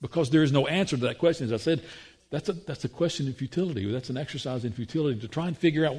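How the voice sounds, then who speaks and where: A man's voice: a little high, rapid-fire, a little mellow, husky. A man preaching a sermon as pastor, earnest, with frequent restarts and rhetorical questions.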